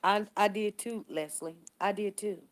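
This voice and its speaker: A woman's voice: medium pitch, moderate pace. A woman vlogger in casual live-stream commentary, telling stories to her viewers and answering their comments. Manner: animated, conversational storytelling that repeats its points.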